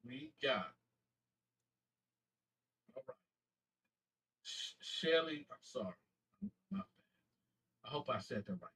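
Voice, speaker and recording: Bright, husky man from Flint. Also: mid-range voice, animated, far from the mic, low-quality recording. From Flint, Michigan. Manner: slangy, halting name reading with self-corrections. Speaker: YouTube channel host. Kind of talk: casual live shout-outs to viewers.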